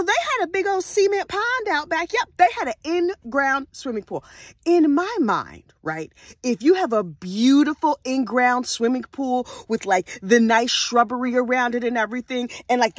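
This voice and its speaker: An animated woman telling a crime story in a casual, chatty way and throwing in sassy asides. Her voice sits high and leaps all over the place. The sound is close and dry. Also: no echo. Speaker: true crime vlogger.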